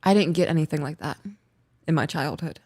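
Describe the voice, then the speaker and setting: Animated woman telling a story. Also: deep voice, brisk, husky. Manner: animated, laughs while telling stories. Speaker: podcast co-host. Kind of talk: casual storytelling chat.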